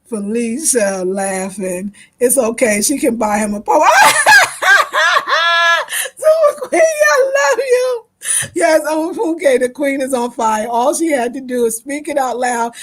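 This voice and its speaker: A woman with a high voice, an animated, laughing storyteller who talks straight to her viewers and plays every voice in the tale herself, swinging from bright and loud to low and murmured as she goes. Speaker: video host.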